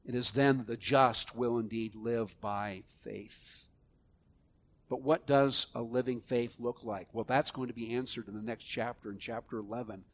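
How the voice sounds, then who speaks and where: A man preaching a sermon, moving between soft, low reflection and loud, emphatic passages. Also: steady tone, normal speed. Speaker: pastor.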